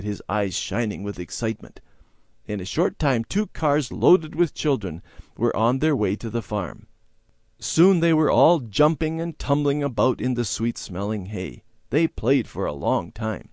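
A man narrating a children's Bible story with measured, clear delivery. His mid-range voice moves with lively, expressive intonation. The recording is dry and close. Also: medium pitch, no room sound.

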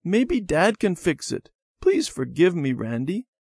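A pleading little girl in a storybook, as a man reads her lines. Her voice sits high and childlike and swings up and down as she begs. The sound is close and dry. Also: very animated, unhurried, a little mellow, no echo.

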